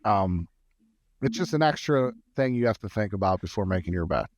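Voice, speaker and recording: A man co-hosting a sports betting podcast, working through numbers in an analytical, halting way. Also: on the low side, lively intonation, no room sound. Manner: analytical, many fillers and restarts. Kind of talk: casual sports betting chat.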